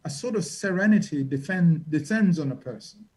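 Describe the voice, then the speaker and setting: Man telling war stories, bright. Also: fairly high pitch, expressive, normal speed, poor audio. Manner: vivid, dramatic storyteller acting out quotes. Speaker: international reporter, guest. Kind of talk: storytelling in a conversation.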